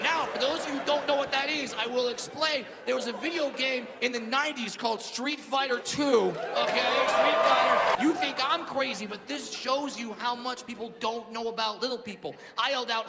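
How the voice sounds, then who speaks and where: A man in his thirties performing a stand-up comedy set, telling stories loudly and acting out shouted impressions. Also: extremely high pitch, moderate pace. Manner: loud, animated storytelling with shouted impressions. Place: theater stage before a laughing audience. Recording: live hall recording, reverberant, noisy.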